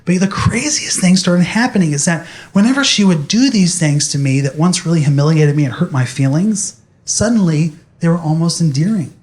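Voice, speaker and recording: A man's voice: fairly high pitch, moderate pace, a little mellow. A young man speaking animatedly to an audience, telling a personal story in a motivational talk.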